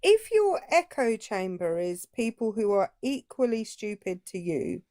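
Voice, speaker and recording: A woman's voice: mid-range voice, very animated, a little slow, darkish tone, no echo. A woman who teaches, co-hosting a heated live debate, sarcastic and exasperated as she cuts in. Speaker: teacher and co-host.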